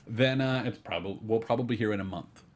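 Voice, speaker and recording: A man with a lowish voice talks casually on a movie news panel. He rambles through his guesses, piling up fillers and false starts as he goes. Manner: chatty, talks fast through speculation with many fillers and restarts. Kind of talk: casual chat.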